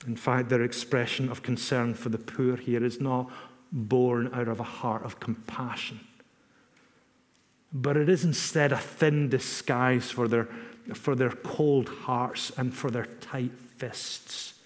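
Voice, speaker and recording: A man's voice: medium pitch, steady tone. Man preaching a sermon in a reverberant hall. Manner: measured, emphatic, repeats phrases for stress.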